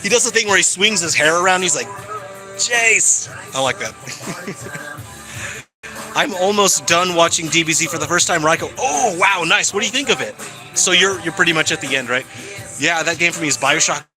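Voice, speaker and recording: A man's voice: fairly high pitch, quick pace, over music, low-quality recording. A man chatting casually and cheerfully on a live stream, answering his viewers as he goes. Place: hangout spot in California.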